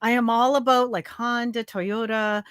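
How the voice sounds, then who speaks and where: A woman's voice: fairly high pitch, fairly even intonation, fairly bright tone, smooth, dry recording. Canadian woman, chatty and dry. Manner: chatty, filler-heavy, quick laughs. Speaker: co-host, crochet designer. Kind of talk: casual livestream chat.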